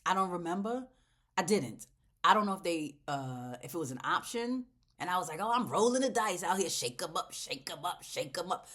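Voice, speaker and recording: A woman hosts a casual plant vlog in a medium-pitched voice. Her pitch rises and falls widely, from loud exclamations down to soft near-whispers. She talks to her viewers in a chatty, heartfelt way. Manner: chatty and heartfelt, talking straight to viewers as y'all. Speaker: plant channel host.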